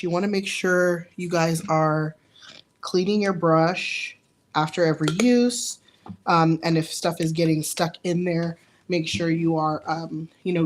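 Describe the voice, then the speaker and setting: A young woman with a raspy voice, chatting casually while she demonstrates a nail technique live. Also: low voice. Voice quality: raspy from allergies. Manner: chatty, friendly, lots of fillers. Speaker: nail artist giving a live demo. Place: nail studio indoors.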